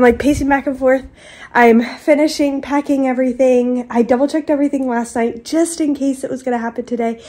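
High-voiced, bubbly woman vlogging. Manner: bubbly, excited, talks straight to viewers. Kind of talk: casual vlog chat to camera.

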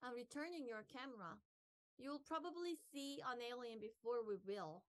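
A woman's voice: on the high side, normal speed, close to an everyday voice. Woman reading as a good-natured young boy. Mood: easygoing.

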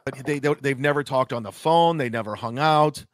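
A man's voice: mid-range voice, normal speed, no echo. A man in a played clip, talking casually in an aggrieved, insistent way. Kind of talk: complaining casual talk.

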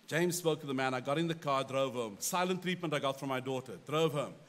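A middle-aged man, a pastor, telling a story from his own life in a sermon with animated, self-deprecating storytelling. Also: mid-range voice, brisk.

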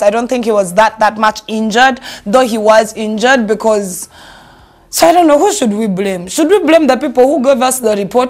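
Young woman, Ugandan accent, gossip show host, sassy and animated, fairly high voice. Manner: sassy, animated, mixes in Luganda phrases. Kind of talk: casual gossip commentary.

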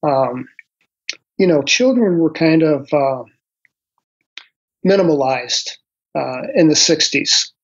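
A man in his sixties, a guest author recounting a personal experience slowly and thoughtfully, pausing often with ums and uhs. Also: on the high side, expressive. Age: 60s. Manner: slow, reflective storytelling with frequent pauses and fillers. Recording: dull lo-fi audio.

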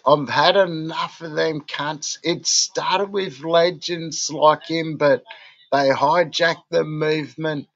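A man's voice: on the high side, a bit bright, no echo, muffled recording. An Australian man hosting a livestream, drunk and rambling, swearing constantly in casual chat. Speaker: livestream host.

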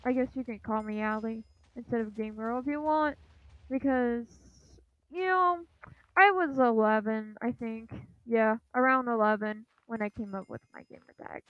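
A woman giving casual commentary while she plays a video game. She sounds unsure and apologetic, uses many fillers, and urges the game on with quick repeated shouts. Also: fairly high pitch, dry recording. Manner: hesitant and apologetic, lots of fillers. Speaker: gaming channel host. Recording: tinny lo-fi, phone-like sound.

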